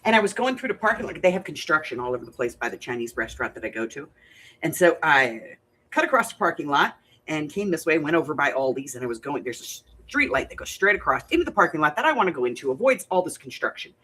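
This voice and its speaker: A woman's voice: low voice, fast talker, slight background noise. A middle-aged woman hosting a crafting livestream, chatting to viewers and telling stories, laughing often. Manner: chatty, animated storyteller, laughs often, greets viewers by name. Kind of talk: casual chat to live viewers.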